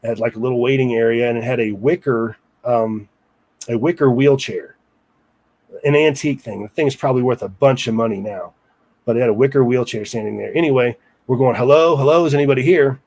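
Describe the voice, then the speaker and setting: A man's voice: mid-range voice, fairly even intonation, a little fast, a little mellow. A man recounting a personal story in a casual interview, rambling with asides to the listener. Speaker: guest storyteller.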